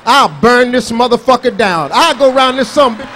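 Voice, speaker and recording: A man's voice: very high voice, brisk, sharp tone, a little hiss or hum. A man doing a live stand-up comedy set, brash and profane, boasting and scolding the crowd. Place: live comedy show on stage.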